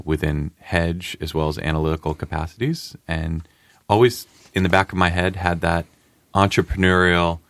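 A man from Massachusetts, a business owner, answering interview questions in a polite, measured, articulate way. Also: sits low, a bit bright, no echo.

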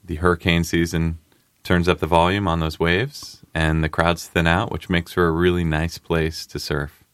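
A man from Massachusetts, a business owner, answering interview questions in a polite, measured, articulate way. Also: low-pitched, flat delivery, clean tone, no room sound, studio quality.

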